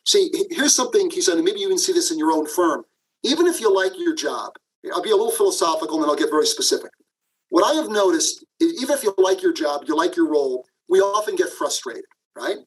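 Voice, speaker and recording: Fast-talking man telling a story. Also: sits high, slightly rough, low-quality recording. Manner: lively storyteller, addresses the host by name. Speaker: guest, management professor. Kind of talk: storytelling in a podcast interview.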